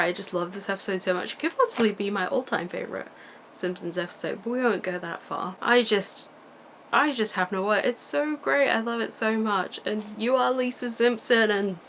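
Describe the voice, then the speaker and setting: A woman's voice: mid-range voice, steady tone, moderate pace, a bit bright, slight background noise. A young woman vlogging to her camera at home, rambling about things she loves in a gushing, enthusiastic way. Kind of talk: casual rambling vlog chat. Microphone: camera mic.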